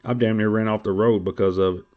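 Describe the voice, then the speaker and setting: A man's voice: lowish voice, fairly even intonation, quick pace, narrow, tinny audio. A man hosting a trading card stream, rambling and joking crudely in casual chat.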